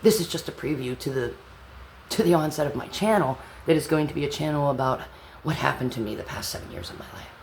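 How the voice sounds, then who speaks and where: A woman telling an angry personal story in a blunt, profane vlog monologue that sometimes drops to a low whisper. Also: fast. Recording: echoey room with faint background hum.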